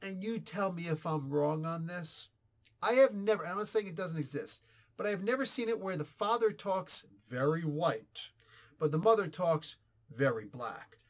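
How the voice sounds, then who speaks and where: A man in his forties giving a casual, opinionated comic book review, animated and sarcastic. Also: high voice, normal speed. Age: 40s. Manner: animated, ranting, sarcastic asides.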